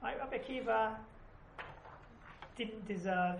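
A woman's voice: on the high side, unhurried, vocal fry. A woman teaching an informal class, chatty and often asking "right?" as she explains. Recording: echoey room, background noise.

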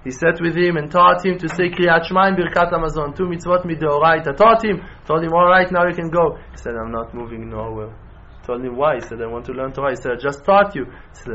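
Speaking brisk, non-native English peppered with Hebrew words, a male rabbi preaches with fervor, moving from hushed anecdotes to rising, forceful calls to his listeners. Faint noise sits under a muffled, low-fidelity recording.

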